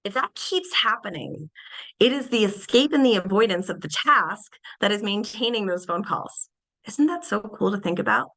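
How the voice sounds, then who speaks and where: Bright-voiced woman giving a lively webinar talk. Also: medium pitch, normal speed, rough recording. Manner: animated, acts out little scenes in changed voices. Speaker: behavior analyst presenter. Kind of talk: webinar lecture.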